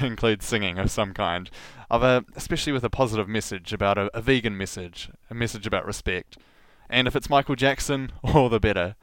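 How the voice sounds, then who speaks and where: A man's voice: on the low side, fairly bright tone, clear, resonant tone, dry recording. A man hosting a podcast, talking casually and poking fun at himself with frequent laughs. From New Zealand. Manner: chatty, self-mocking, laughing often. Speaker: podcast host. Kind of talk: casual solo monologue.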